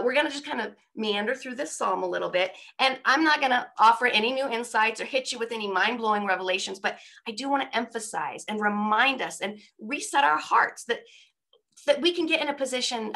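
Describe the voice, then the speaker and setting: Bright chatty woman preaching. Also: fairly high pitch, expressive, a little fast, vocal fry. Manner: chatty and informal, with frequent rhetorical asides. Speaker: speaker at a women's day church event. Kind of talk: conversational sermon. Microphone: speaking on a video call.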